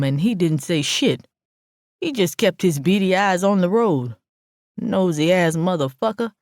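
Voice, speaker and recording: A brash, sassy narrator reads a first-person audiobook with plenty of swearing. The voice sits in a middle pitch. The recording is dry and close. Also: dry recording.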